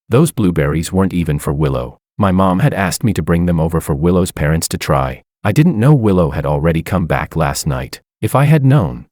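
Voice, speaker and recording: Deep-voiced young man narrating a story. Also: very animated, fairly quick, few pauses, darkish tone, dry recording, studio quality. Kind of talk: first-person story narration.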